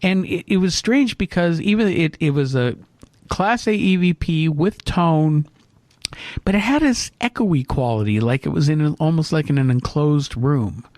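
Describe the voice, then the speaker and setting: A middle-aged man telling a story in casual chat, with lively restarts and fillers. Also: fairly high pitch, moderate pace, dry recording. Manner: animated anecdote, hesitant fillers. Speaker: co-host.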